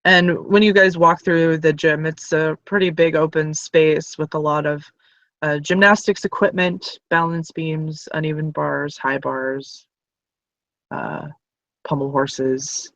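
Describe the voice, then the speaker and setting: A game master setting a scene in a tabletop role-play, narrating in a relaxed way with many fillers. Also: medium pitch, slow pace, no room sound, highs cut off.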